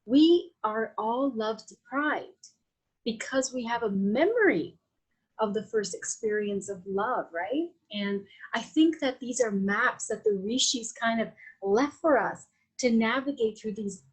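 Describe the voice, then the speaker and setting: Latina woman with a husky, high voice. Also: expressive, measured pace, poor audio. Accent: Latin American Spanish. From Latin America. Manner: flowing, reflective, with frequent restarts and fillers. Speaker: guest, Vedic astrologer. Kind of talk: conversational podcast interview.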